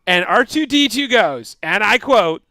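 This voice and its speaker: A man chatting as a podcast guest, animated and jokey, slipping into quick silly voices. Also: sits high, no echo. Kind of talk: casual chat.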